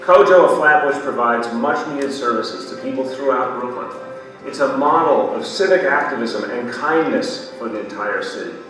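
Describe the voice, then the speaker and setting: A man, a city official, giving a measured and formal tribute address. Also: medium pitch, a bit bright. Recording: echoey, distant, faint music.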